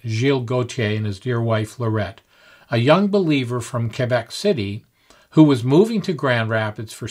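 An older man tells a story at a fireside gathering, unhurried and reflective. He pauses often with small fillers as he goes. His voice sits in a plain middle pitch.

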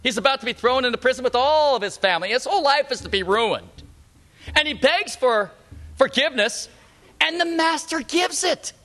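High-voiced, bright, lively male preacher. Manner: emphatic, repetitive preaching with slowed punchlines. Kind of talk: sermon. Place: church sanctuary.

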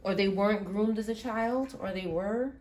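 Woman doing a halting tarot reading. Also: medium pitch, a little mellow, slight background noise. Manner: halting, repeats herself, thinks aloud. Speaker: tarot reader.

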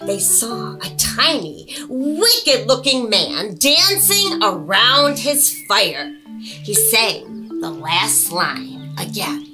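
Slow, lively woman reading to kids. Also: on the high side. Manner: slow, lively and expressive, explains words. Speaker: storytime host reading aloud. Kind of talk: children's story reading. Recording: music playing behind.

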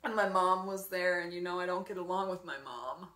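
A woman vlogger casually retelling her day at home, rambling and animated with lots of fillers. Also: lowish voice, brisk. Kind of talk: casual storytelling vlog. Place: her apartment. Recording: echoey room.

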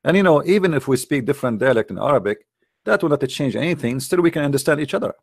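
A man's voice: on the high side, lively intonation, fast, gravelly, slightly rough, no echo, studio quality. A man hosting a religious debate, talking in a mocking, emphatic way with a lot of repetition. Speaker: debate host. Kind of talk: argumentative religious debate talk.

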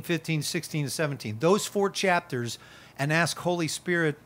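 At an outdoor worship gathering, a male pastor with a fairly high voice preaches a sermon, conversational and energetic with playful asides.

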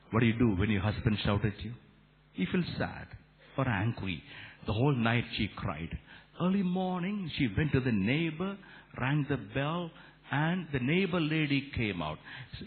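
A man from India preaching a sermon as a Catholic priest, animated, asking rhetorical questions of his listeners. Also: mid-range voice, unhurried, long pauses. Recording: echoey hall over a tinny narrow line.

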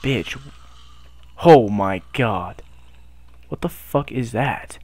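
A young man giving loud, profane gameplay commentary, hyped up and talking back to the game on screen. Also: medium pitch, expressive, extremely slow, no room sound. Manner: loud, hyped, swears constantly, talks to the game. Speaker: gaming YouTuber.

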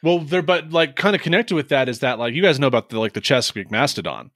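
Chill jokey guy on a podcast, slangy, mid pitch, dry close mic. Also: lively intonation, fast talker, a bit bright, dry recording. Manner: laid-back, jokey, slangy. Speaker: podcast co-host. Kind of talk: casual chat.

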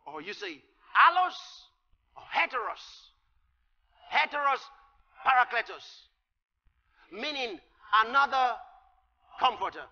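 High, bright-voiced preaching man. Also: very animated, measured pace, pauses often. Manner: emphatic preaching, rises to shouts on key lines. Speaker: pastor. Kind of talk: sermon. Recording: lo-fi recording with long hall reverb.

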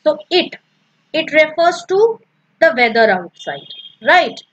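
High-voiced woman teaching slowly. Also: big pitch swings, fairly bright tone, dull audio. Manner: patient, explains step by step, repeats examples. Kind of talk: recorded grammar lesson.

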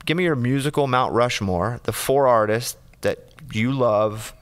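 A man's voice: medium pitch, unhurried, clean tone. A man from Arkansas hosting a casual interview, joking and teasing his guest. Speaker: radio show host.

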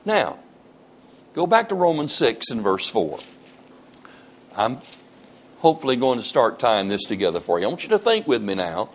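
A male pastor delivering a sermon, his pitch swinging widely as he presses rhetorical questions on the congregation. He reads scripture aloud with strong, emphatic stresses. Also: big pitch swings, normal speed, long pauses. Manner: preaching with rising emphatic questions and scripture reading.

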